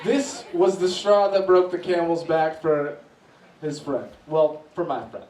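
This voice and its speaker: A man doing stand-up comedy, telling a story in an animated way and often laughing as he talks. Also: fairly high pitch, measured pace, a crowd in the background. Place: comedy club stage. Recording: echoey room, mic heard from a distance, faint noise.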